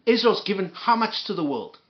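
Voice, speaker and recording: A man's voice: high-pitched, big pitch swings, a little fast, dull audio. A man reacting to a clip with angry, profane ranting, sarcastic and insulting, often repeating and restarting his words.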